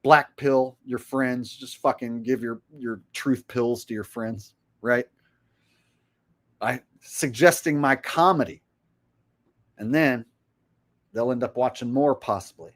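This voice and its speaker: A man's voice: mid-range voice, takes it slowly, pauses often. A man hosting his own livestream, ranting casually and rambling with frequent swearing. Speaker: livestream host.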